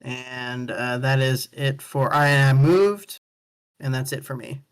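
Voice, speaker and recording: Tabletop player, mid pitch, halting, helpful with rules. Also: fairly even intonation, clean tone. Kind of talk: tabletop game play.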